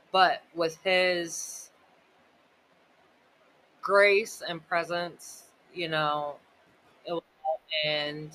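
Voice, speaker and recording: A man's voice: a little high, pushed and bright, poor audio. A man hosting a podcast, talking casually about faith in a loose, rambling way full of "like" and "you know". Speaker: podcast host.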